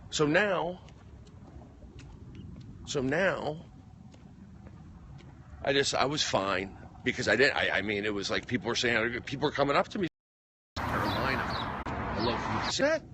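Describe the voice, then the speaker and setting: A man's voice: mid-range voice, lively intonation, measured pace, long pauses, noisy background. A man, a comedian, telling a story on a casual phone livestream, rambling and restarting his sentences, and getting worked up. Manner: rambling, repeats himself, restarts phrases; gets worked up and loud.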